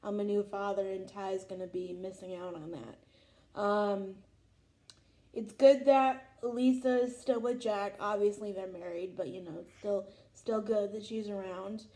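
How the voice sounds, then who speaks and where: A woman's voice: medium pitch, fairly even intonation, unhurried, dark tone. A young woman hosting a vlog, chatting about a show as an emotional, gushing fan. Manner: gushing, emotional, lots of "oh my God". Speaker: vlog host. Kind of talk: casual fan reaction chat.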